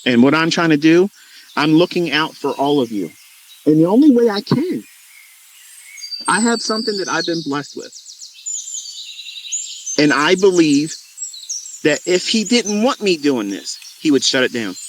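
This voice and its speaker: A man's voice: on the high side, very animated, a little slow, pauses often, slight background noise. A middle-aged man who teaches trading, speaking to his viewers in a fervent, preachy monologue with emphatic repetition. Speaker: trading educator.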